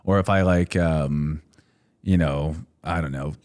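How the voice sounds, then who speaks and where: A man's voice: a bass voice, fairly even intonation, takes it slowly, darkish tone. A man in his thirties, a podcast guest, telling stories in casual chat with lots of fillers and laughs. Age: 30s. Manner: rambling storytelling with many fillers and laughs.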